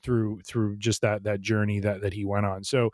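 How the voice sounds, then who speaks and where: A man's voice: fairly low pitch, little pitch movement, moderate pace, darkish tone, dry recording. A man co-hosting a casual podcast chat, rambling with lots of fillers and restarts. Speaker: podcast co-host.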